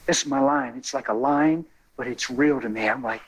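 A man telling a testimony in a sermon, animated and folksy, building to excited exclamations. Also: mid-range voice, normal speed, poor audio. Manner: colloquial, folksy phrasing.

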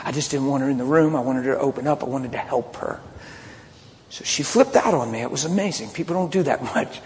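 Animated preacher man in a reverberant hall. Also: mid-range voice, fairly quick, a little hiss or hum. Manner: blunt, animated storytelling. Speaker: pastor. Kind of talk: sermon. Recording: long hall reverb, faint ambience.

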